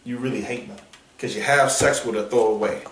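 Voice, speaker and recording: A man preaching on a downtown street in a forceful, confrontational, slangy manner, with call-and-response from listeners. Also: medium pitch, steady tone, brisk. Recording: echoey street sound from a distance.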